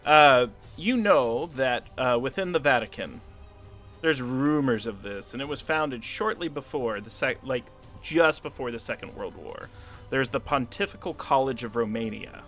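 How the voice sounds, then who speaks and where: A man running a tabletop role-playing game as game master, relaxed and playful. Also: mid-range voice, moderate pace, faint music behind.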